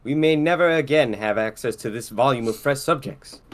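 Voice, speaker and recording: A man's voice: mid-range voice, moderate pace, lightly acted. A man voicing a cold, driven male mad scientist in a podcast read-through, with clipped, insistent delivery. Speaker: podcast co-host. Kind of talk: reading movie dialogue aloud.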